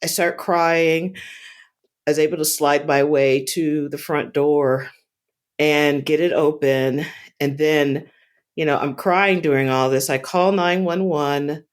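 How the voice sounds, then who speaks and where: Woman telling a story haltingly. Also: deep voice, fairly even intonation. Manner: halting, repeats words and restarts often. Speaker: storyteller recounting a personal experience. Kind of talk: casual spoken story.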